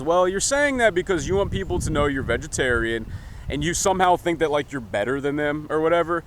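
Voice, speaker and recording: A man's voice: fairly high pitch, sing-song, fast talker, noisy background. A man vlogging in a rambling, profane, jokey way, recorded outdoors in a city. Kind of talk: casual opinion vlog.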